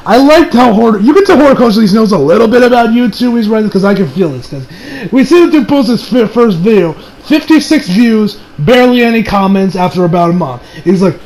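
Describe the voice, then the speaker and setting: A man's voice: high-pitched, a little mellow, slight background noise, poor audio. A young man reviewing an anime episode in casual chat, rambling with restarts and swearing freely.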